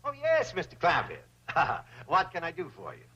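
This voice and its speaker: An actor playing a fussy, scheming older banker who talks in pompous, flowery phrases in a sitcom. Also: male voice, fairly high pitch, huge pitch swings, moderate pace, pushed and bright, full character voice. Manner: pompous and flowery, then pleading. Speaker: bank president. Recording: dull old TV audio with hiss.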